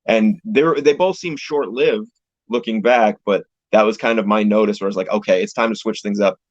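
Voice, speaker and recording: Low-voiced laid-back man on a call. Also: a little fast, no room sound. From Canada. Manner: laid-back, rambling, swears casually. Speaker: guest, pro wrestler. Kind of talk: casual interview chat. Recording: dull lo-fi call audio, dry.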